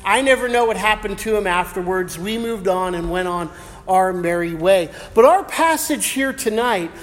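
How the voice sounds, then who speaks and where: A man's voice: high-pitched, normal speed. A middle-aged male pastor preaching an evening sermon, praying and then telling a personal story in a casual, slangy way. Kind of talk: sermon with prayer and personal anecdote. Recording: long hall reverb.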